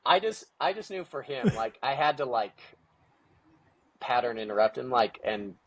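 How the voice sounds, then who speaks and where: A man telling stories casually in an interview, lively and acting out quoted dialogue with lots of "like" fillers. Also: medium pitch, moderate pace, a loud crowd. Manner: animated, acts out quoted dialogue with many "like" fillers. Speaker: guest, parent of a young ninja athlete. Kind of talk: casual storytelling conversation.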